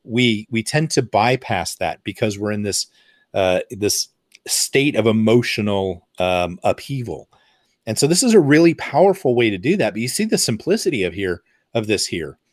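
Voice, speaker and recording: A man's voice: fairly low pitch, very animated, normal speed, no room sound, studio quality. A man giving an explanatory talk in a conversational way, with fillers and asides. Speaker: presenter.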